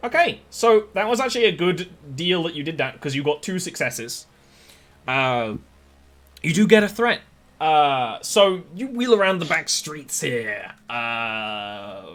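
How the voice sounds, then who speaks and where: A man's voice: on the high side, fairly bright tone. A man running a tabletop game as game master, describing scenes in a rambling way with many fillers.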